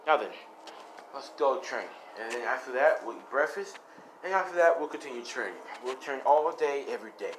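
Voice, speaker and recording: A man voicing a stern male mentor who gives calm, clipped orders in a low, hushed tone. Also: brisk, noisy background, lightly acted. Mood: commanding.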